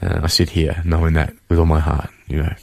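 A man speaking earnestly in a radio studio interview, halting with fillers as he gives a heartfelt testimony and reads a letter to his mother. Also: a bass voice, level tone, creaky, no room sound. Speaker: interview guest, son of the guest. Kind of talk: emotional testimony, reading a letter aloud.

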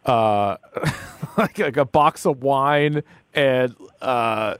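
A man's voice: medium pitch, very slow, clear, resonant tone, dry recording. A man hosting a podcast in a casual, self-mocking style, stumbling through restarts and laughing often. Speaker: podcast host. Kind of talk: casual chat.

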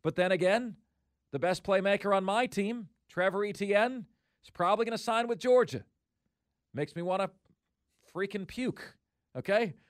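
High-voiced emphatic male sports radio host. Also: moderate pace, pauses often, dry recording, studio quality. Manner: emphatic, repetitive, opinionated. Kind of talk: sports talk radio commentary.

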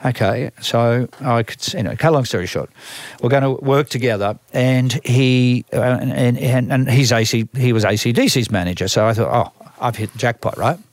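Speaking at a moderate pace in a mid-range voice, an older music manager with an Australian accent spins lengthy tales during an interview. He frequently restarts sentences and repeats himself, and the sound is free of echo.

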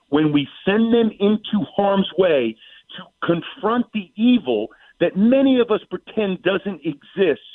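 A man's voice: fairly high pitch, no echo. A man calling in as a guest commentator on a radio talk show, laying out his points in an assertive, methodical way. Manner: assertive, methodical, addresses host by name. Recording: tinny phone-line sound.

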